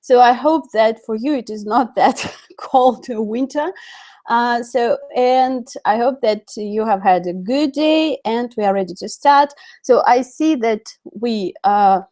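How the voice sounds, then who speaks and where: A woman's voice: a little high, slow pace, mellow. A woman with a Russian accent, a native Russian speaker, teaching an online English lesson in a chatty way full of fillers and self-corrections. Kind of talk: live-streamed online lesson.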